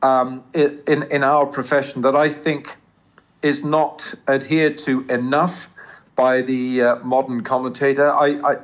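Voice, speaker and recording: An older man, a cricket commentator, talking earnestly in an interview, with a smooth English accent carrying traces of Southern African and many restarts. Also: mid-range voice, flat delivery, unhurried, muffled recording. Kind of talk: interview conversation.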